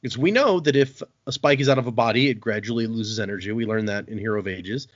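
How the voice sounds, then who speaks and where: A podcast host with a fairly low voice talks quickly, retelling a book's plot in casual book-club chat. He's animated and laughing, acting out the quotes as he goes, on dull lo-fi podcast audio.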